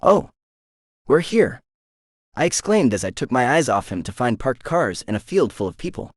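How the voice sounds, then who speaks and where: A man narrating a first-person romance audiobook in an expressive reading voice, close to the mic. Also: medium pitch, fairly quick, no room sound.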